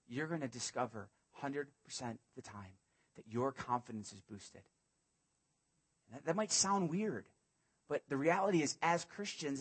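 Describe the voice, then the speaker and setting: A man's voice: fairly high pitch, slightly rough. A male pastor preaching a sermon, animatedly acting out biblical dialogue in casual modern speech.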